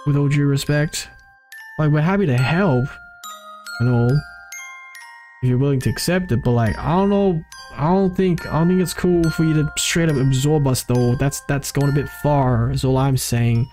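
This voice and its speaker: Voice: medium pitch, a little mellow. A streamer casually rambling and reading game text aloud, trying lines over and over, with light mallet music behind. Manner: casual, rambling, swears, repeats lines to practice delivery.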